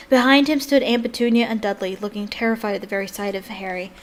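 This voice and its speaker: A young woman reading a novel aloud as a fan, breaking off with gushing, exclamatory asides. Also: fairly high pitch. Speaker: book reader and fan. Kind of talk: casual reading aloud with commentary.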